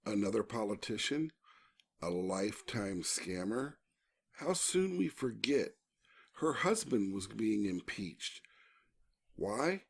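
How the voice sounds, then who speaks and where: A man hosting and narrating his own show, delivering sarcastic political commentary with mocking rhetorical questions. He swings between loud outbursts and low asides. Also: big pitch swings, slow pace, creaky, pauses often, husky.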